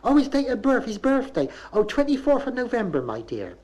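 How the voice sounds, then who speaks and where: A man's voice: wildly swooping pitch, a little fast, darkish tone, heavily acted, poor audio. A man putting on a brassy Bristol mum. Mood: brassy, insistent. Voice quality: high sing-song rising tone. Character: loud Bristolian mother, middle-aged woman, brassy, dense.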